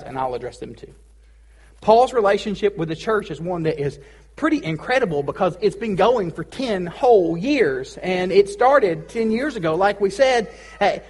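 A man's voice: sits high, husky. A man preaching a sermon as pastor, casual and joking, with pop-culture asides.

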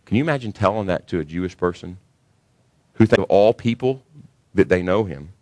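Male pastor, lowish voice, animated sermon delivery, dry close recording. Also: fairly quick, no echo. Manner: animated preaching that rises high when voicing others.

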